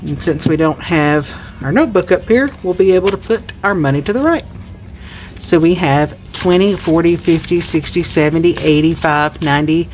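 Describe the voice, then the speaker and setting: A woman in her thirties with a mild Southern accent and a low, grounded voice. She talks to her viewers in an easy, chatty way and counts out money aloud as she goes. Soft music plays faintly behind her. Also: moderate pace. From Tennessee, US. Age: 30s. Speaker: budgeting YouTuber. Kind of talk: casual vlog chat while counting cash.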